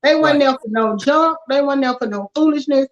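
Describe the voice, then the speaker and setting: A woman's voice: sits high, a little fast. A woman, chatting informally in conversation. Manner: informal, dialect grammar, chatty. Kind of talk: casual conversation. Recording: dull lo-fi sound.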